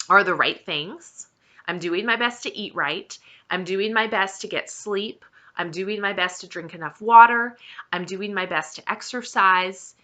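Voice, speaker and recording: Earnest, slow-speaking woman. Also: mid-range voice, bright, forceful tone. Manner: earnest and encouraging, stressing points by repeating them. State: emotional, close to tears. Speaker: vlogger sharing her weight-loss journey. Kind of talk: heartfelt personal talk to camera.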